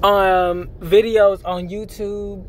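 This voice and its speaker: A man's voice: high-pitched, flat delivery, slow pace, a little hiss or hum. Blunt, profane man ranting on a vlog. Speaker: vlogger. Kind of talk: casual vlog monologue. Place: in a car, then a store. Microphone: phone camera.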